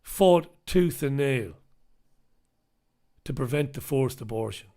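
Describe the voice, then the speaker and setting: A man's voice: medium pitch, expressive, slow, warm tone. A man hosting a live news review show, talking alone to his audience in an impassioned, emphatic way. He repeats his points for weight and speaks bluntly, swearing now and then. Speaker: show host reviewing newspapers. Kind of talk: live solo commentary on the news.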